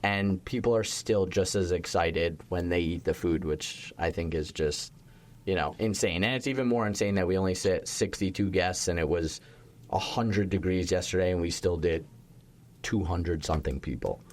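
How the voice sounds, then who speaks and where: Animated, low-voiced man telling chef stories. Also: normal speed. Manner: animated storytelling, heavy use of "like", occasional swearing. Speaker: chef and restaurateur guest. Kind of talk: casual interview chat.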